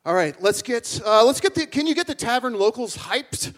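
An actor playing a goofy, boastful tavern regular who rambles in absurd, deadpan tangents in live improv comedy. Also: male voice, very high-pitched, normal speed, full character voice.

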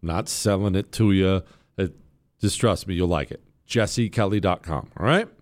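A man hosting a political talk radio show, delivering a combative, sarcastic monologue and slowing down to hammer his points. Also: deep voice. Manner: combative, sarcastic, emphatic, slows down to stress points.

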